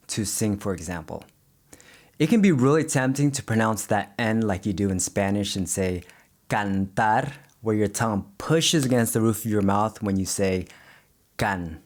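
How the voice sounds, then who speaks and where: Low-voiced man teaching pronunciation. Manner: slow, careful demonstrations of single words. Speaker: language teacher. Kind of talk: explaining pronunciation to the camera.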